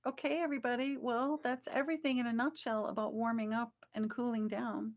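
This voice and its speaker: A woman's voice: on the high side, fairly even intonation, brisk. A woman vocal coach teaching a live online singing class in a chatty, encouraging way, breaking off to sing short demonstration sounds.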